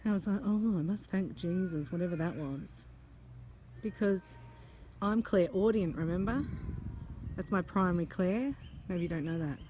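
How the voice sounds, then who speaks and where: A woman talks through a personal story in a casual, chatty vlog, her voice sitting a little low. She shares it as a psychic channeler, animated and quick to break into laughter. Faint outdoor noise sits behind her. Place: outdoors among butterflies.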